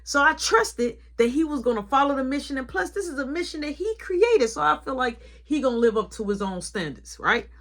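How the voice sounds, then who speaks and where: A young woman store manager telling a story in an animated, colloquial way. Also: sits high, fairly quick, hardly any pauses. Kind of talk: casual storytime vlog.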